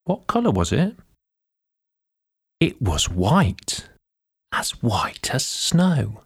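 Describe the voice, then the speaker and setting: Slow, breathy man telling a bedtime story. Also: mid-range voice, huge pitch swings. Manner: gentle, drawn-out, with soft whispered asides.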